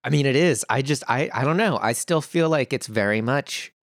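A podcast co-host with a medium-pitched voice chats animatedly about a reality show at a moderate pace, swearing casually and acting out quotes. The recording is dry and studio quality.

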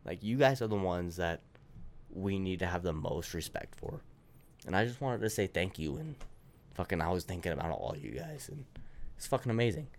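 A man's voice: sits low, very animated, brisk. A man co-hosting a casual podcast, rambling with lots of swearing and filler words. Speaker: podcast co-host.

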